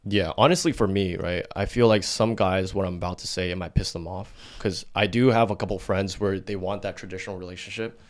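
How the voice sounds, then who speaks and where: A man's voice: deep voice, steady tone, a little fast. A man hosting a casual podcast interview, blunt and profane, challenging his guest. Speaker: podcast host.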